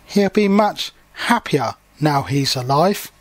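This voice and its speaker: A man's voice: a little high, expressive, takes it slowly, no room sound. A man voicing a young boy in a storybook he reads aloud, curious and earnest.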